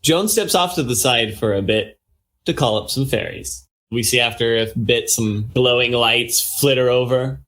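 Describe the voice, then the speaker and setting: A man's voice: mid-range voice, normal speed, fairly bright tone. A man narrating his character's actions in a tabletop role-playing game, with hesitant, filler-heavy speech. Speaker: player.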